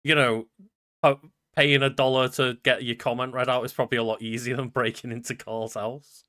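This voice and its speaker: Young male co-host, chatty, polished promo-read cadence, crisp bright voice. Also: medium pitch, flat delivery, a little fast. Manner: chatty, reads promo plugs in a customer-service cadence. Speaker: podcast co-host. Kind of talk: casual podcast chat.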